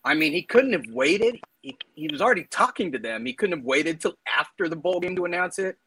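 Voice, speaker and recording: A man's voice: fairly high pitch, expressive, a little fast, pushed and bright, slight background noise, poor audio. A man co-hosting a casual sports talk show, opinionated and laughing as he argues his points. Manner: opinionated, laughs while arguing. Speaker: co-host.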